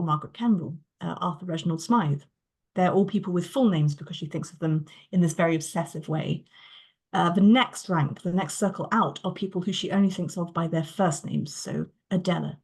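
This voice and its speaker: A woman's voice: lowish voice, darkish tone. A woman author answering interview questions over a video call. She talks in an earnest, chatty way and laughs often. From Britain. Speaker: author guest.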